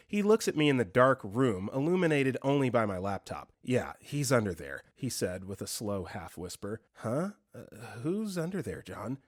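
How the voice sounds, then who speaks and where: A man reading internet stories aloud with expressive delivery and casual commentary, as host of a story channel. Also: mid-range voice, no echo, studio quality.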